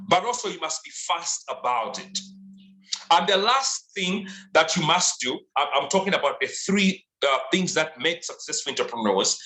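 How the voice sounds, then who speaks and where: A man delivers a motivational sales training talk, hammering his points with emphatic repetition. His voice sits high and swings widely in pitch. The sound is roomy, with a clear echo. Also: bright, forceful tone. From Zambia. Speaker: sales and leadership trainer, guest speaker.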